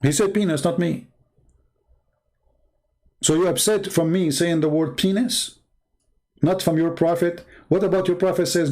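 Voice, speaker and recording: A man's voice: on the high side, fairly even intonation, a little slow, pauses often, darkish tone. A man hosting a livestream, talking in a blunt, combative and repetitive way. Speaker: host. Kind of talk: livestream commentary.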